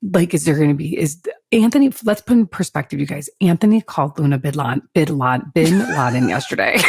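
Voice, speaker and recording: A woman co-hosting a podcast, talking openly and emotionally with a gravelly, husky voice. She swears freely and sounds close to tears at times. Her voice is close and dry, with no room in it. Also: low voice, animated, fast talker, few pauses, a little mellow, no room sound. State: tearful. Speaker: podcast co-host. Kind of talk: casual chat.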